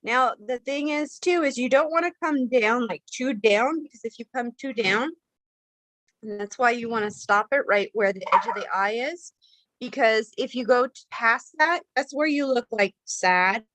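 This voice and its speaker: A woman's voice: on the high side, normal speed, a bit bright, no room sound, low-quality recording. A woman hosting a casual makeup demonstration, talking in a chatty, rambling way with many fillers and restarts. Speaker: makeup tutorial host.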